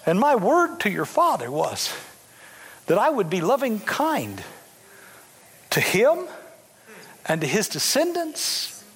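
A man's voice: high voice, huge pitch swings, slow pace, pauses often, a bit bright, exaggerated voice. A man voicing a kind ancient king who insists on keeping his promise. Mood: reassuring. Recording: long hall reverb.

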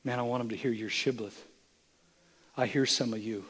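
An older man preaching as a bishop, his voice husky and breathy at a middle pitch. He drops to soft, hushed phrases, then builds into loud, emphatic declarations. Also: steady tone, brisk. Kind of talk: sermon.

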